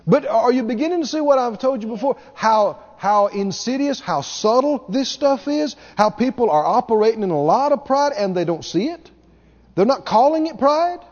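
A man's voice: very high voice, expressive, normal speed, darkish tone. A man preaching a sermon as a pastor, speaking emphatically, repeating key words and mimicking people with a laugh. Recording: dull reverberant hall recording.

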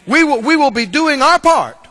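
A man's voice: extremely high pitch, animated, moderate pace, bright, forceful tone. A man preaching a sermon to a church congregation, emphatic and repetitive, drawing call-and-response from the room. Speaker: pastor. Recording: long hall reverb.

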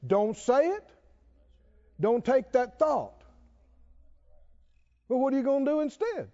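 A man's voice: very high-pitched, big pitch swings, slow, dark tone, muffled recording. A middle-aged male pastor preaching a sermon, punctuating his points with emphatic exclamations and quoted scripture.

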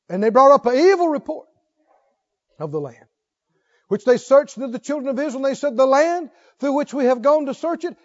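A man's voice: very high voice, darkish tone, dull audio. A man preaching a sermon, reading scripture aloud and calling questions out to his congregation. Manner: calls out questions to the congregation, reads scripture aloud with rising fervor.

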